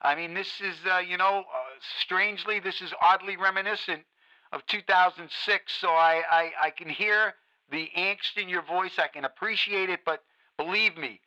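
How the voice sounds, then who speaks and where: A calm male talk radio host, played by an actor, soothes a caller with hesitant, reassuring words. His voice is high and very bright. The sound comes through a dull, muffled radio. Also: moderate pace.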